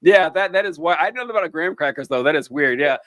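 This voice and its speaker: A man in his thirties hosting a casual chat with his brother, relaxed and laughing often. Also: on the high side, fast, no room sound, clean studio sound. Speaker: podcast host.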